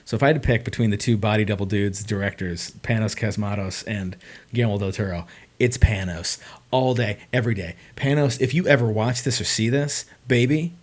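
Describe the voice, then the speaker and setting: A young man chatting casually on a livestream, rambling and excitable, with lots of filler words. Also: lowish voice, fairly quick. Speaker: streamer.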